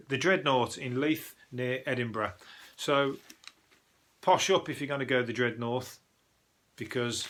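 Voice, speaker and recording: A man's voice: mid-range voice, fairly bright tone. A man with a Birmingham accent, a comedian doing a rambling, blunt, swear-laden comic review of the news. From Birmingham, England.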